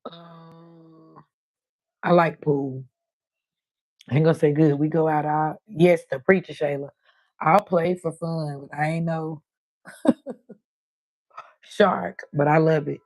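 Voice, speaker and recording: A woman's voice: low-pitched, steady tone, slow pace, pauses often, darkish tone. A woman hosting her own live stream, chatting casually and talking straight to her viewers. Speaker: livestream host.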